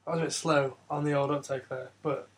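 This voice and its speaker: A man's voice: fairly high pitch, little pitch movement, a little fast, a little hiss or hum. A man giving dry, wry remarks on a casual film commentary. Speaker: commentary co-host.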